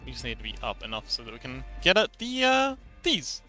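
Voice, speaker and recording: A man's voice: medium pitch, wildly swooping pitch, fairly quick, pushed and bright, low-quality recording. A man from Hong Kong chatting casually with his livestream chat while he models an avatar, with many fillers and restarts. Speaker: VTuber streamer. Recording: dry close mic, faint background music.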